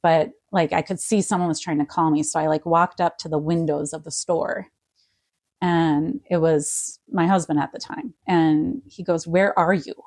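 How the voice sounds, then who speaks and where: A middle-aged woman, a podcast guest, quietly telling an emotional personal story with many pauses and fillers. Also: sits low, fairly even intonation, no room sound, studio quality.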